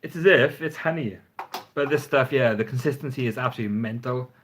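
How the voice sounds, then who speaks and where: A man's voice: mid-range voice, fairly quick, fairly bright tone, a little hiss or hum. A man chatting casually and frankly on a phone livestream, rambling and swearing now and then. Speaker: fragrance reviewer. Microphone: phone front camera.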